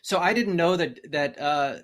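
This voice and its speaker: A man's voice: on the high side, normal speed, a bit bright. A man as a podcast guest, chatting casually and hesitantly with many ums. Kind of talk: casual chat.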